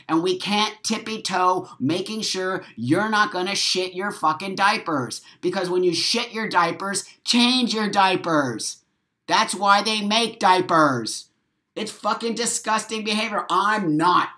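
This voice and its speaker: A man's voice: high voice, unhurried, sharp tone. A man hosting a live stream, giving an angry, profane rant and hammering his points with repeated phrases. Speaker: livestream host. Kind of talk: heated livestream rant. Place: at home, drinking coffee on a live stream.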